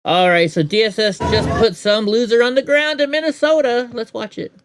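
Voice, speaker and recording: A man's voice: very high-pitched, steady tone, moderate pace, a crowd in the background, noisy background. A man hosting a casual show, commenting on news clips with sarcastic asides. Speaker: host reacting to clips.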